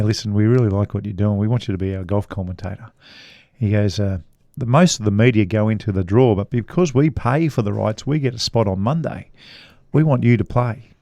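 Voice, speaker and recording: A man's voice: fairly low pitch, darkish tone, no echo. A middle-aged man with an Australian accent, a podcast co-host and golf commentator telling a long rambling anecdote with frequent chuckles. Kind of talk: casual storytelling chat.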